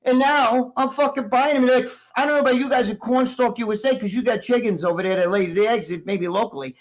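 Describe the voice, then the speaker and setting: High-ish jersey guy cohosting a stream, cussing and rambling through his stories. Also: steady tone, quick pace. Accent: New Jersey. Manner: profane, rambling storyteller who acts out other people's voices. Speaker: co-host of a live stream talk show. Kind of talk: casual live-stream chat.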